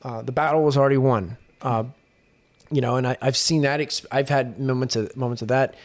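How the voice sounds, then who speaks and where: A man's voice: medium pitch, steady tone, a little fast. A young adult man, a guest on a podcast, speaking earnestly in casual conversation and often restarting his sentences. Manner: earnest storytelling with frequent restarts. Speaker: guest, exorcist.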